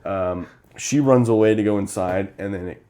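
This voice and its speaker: Lowish-voiced young man retelling a movie. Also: moderate pace. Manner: animated retelling, acts out characters' lines. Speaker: podcast co-host. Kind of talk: casual movie review chat.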